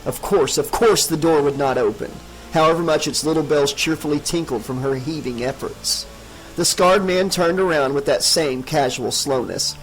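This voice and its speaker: A man narrating a horror audiobook in a steady, dramatic reading. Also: a little high, normal speed, soft background music, rough recording.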